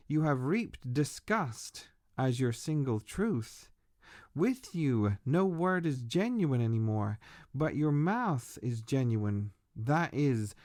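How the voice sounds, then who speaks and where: A man's voice: mid-range voice, a little mellow, no room sound, clean studio sound. A man voicing a stern male prophet who lectures severely, in a book reading.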